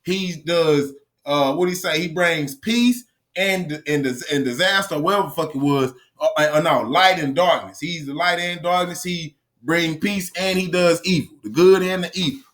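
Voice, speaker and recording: A man's voice: fairly high pitch, moderate pace, fairly bright tone. A man giving a blunt, profane opinion monologue, lecturing his audience and hammering his points home by repeating them. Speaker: commentary channel host.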